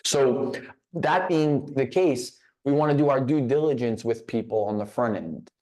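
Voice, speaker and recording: This man's voice is warm and animated, medium in pitch and a touch slow. He's a guest speaker at a business leadership session, telling a motivational story and frequently restarting, repeating words at the start of his phrases.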